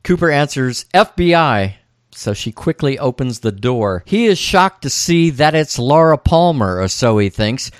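A man co-hosting a podcast, casually recapping scenes in a steady play-by-play. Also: medium pitch, unhurried, hardly any pauses, no room sound, clean studio sound. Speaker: podcast co-host.

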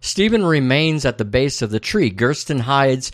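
A man's voice: medium pitch, sing-song, moderate pace, no room sound, clean studio sound. A man hosting a casual podcast, recapping a TV episode in a laid-back, profane, amused way. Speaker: podcast host.

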